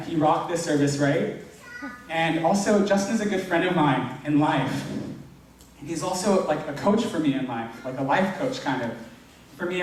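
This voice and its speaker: A man's voice: on the high side, a little mellow. A young man, a youth pastor, giving an informal, earnest sermon, filling his talk with "like". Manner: casual, earnest, heavy use of "like". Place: church hall. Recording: very echoey hall, distant mic.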